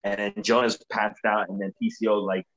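A man co-hosting a casual podcast, recapping a show with animated, profane commentary. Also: on the low side, a little fast, lo-fi sound. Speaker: podcast co-host. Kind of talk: casual wrestling recap chat.

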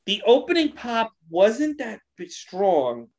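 A man's voice: sits high, huge pitch swings, takes it slowly, crowd noise. A man in casual podcast chat, often restarting his sentences and swearing offhandedly. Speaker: podcast co-host.

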